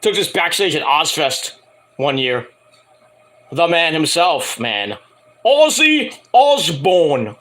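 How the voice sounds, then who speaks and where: New man vlogging, lively pitch, bright and forceful, loose and profane storyteller. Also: slow, pauses often. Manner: animated, profane, acts out quotes in higher voices. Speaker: wrestling and music vlogger. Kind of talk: casual rambling storytelling to camera.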